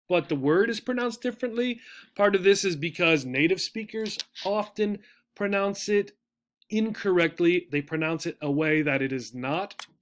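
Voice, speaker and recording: A man teaching an English pronunciation lesson, patient and explanatory. He often repeats words slowly and checks in with "right?". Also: sits high, fairly bright tone.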